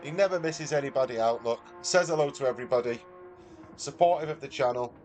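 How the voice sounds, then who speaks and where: Here the Manchester streamer talks a touch quickly at a medium pitch, his tone on the dark side, with faint music playing behind. He banters with viewers in his Mancunian accent and reads out their messages matily.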